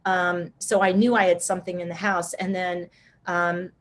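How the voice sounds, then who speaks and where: A woman guest in an interview, telling a personal story in an animated, conversational way, often saying "like". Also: fairly low pitch, moderate pace. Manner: animated, conversational, uses "like" a lot. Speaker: guest, shamanic healer.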